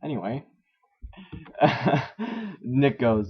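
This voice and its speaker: Guy reading some story and roasting it, swears a lot, middle pitch, muffled lo-fi mic. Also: lively intonation, unhurried. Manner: sarcastic, swears a lot, laughs at the text. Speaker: story reader. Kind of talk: mocking read-through of a story. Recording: dull lo-fi recording.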